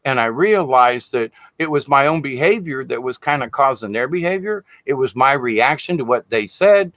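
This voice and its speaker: A man talks through spiritual advice in an unscripted, folksy way. His pitch rises and falls in big, animated swings, and he speaks bluntly with casual cursing. The voice sits in an average register and sounds dry, with no room echo. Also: normal speed. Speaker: shaman teacher. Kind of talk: informal spiritual teaching monologue.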